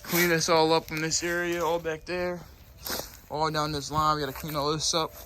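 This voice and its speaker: A man's voice: a little high, level tone, moderate pace, sharp tone. A man walking through a backyard job he is vlogging, talking loosely with lots of fillers, a little out of breath. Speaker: landscaping business owner vlogging a job. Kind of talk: casual vlog walkthrough. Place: outdoor backyard. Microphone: phone camera. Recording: noisy outdoor phone recording.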